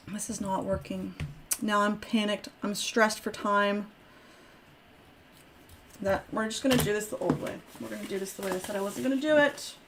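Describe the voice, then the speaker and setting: A woman's voice: medium pitch, noisy background. Chatty woman crafting host. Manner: chatty, self-deprecating, thinking aloud while cutting. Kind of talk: casual live crafting chat.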